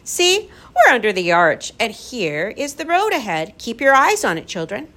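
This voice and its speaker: A woman voicing a calm, polite male professor who speaks with emphasis and encourages children in a storybook reading. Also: fairly high pitch, normal speed, pitched above the performer's own voice, full character voice. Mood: encouraging.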